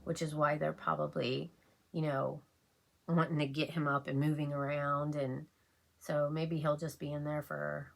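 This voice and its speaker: Middle-aged woman, low and gravelly, chatting haltingly and emotionally in a home get-ready-with-me vlog. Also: flat delivery. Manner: rambling, halting, many fillers and restarts. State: emotional, close to tears. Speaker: beauty vlogger. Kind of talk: casual chat while getting ready.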